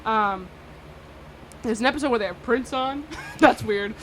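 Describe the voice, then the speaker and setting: Chatty young woman radio host, high voice. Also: fairly bright tone, a little hiss or hum. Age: 20s. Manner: rambling and chatty, quick to laugh, many fillers and restarts. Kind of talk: casual radio chat between songs.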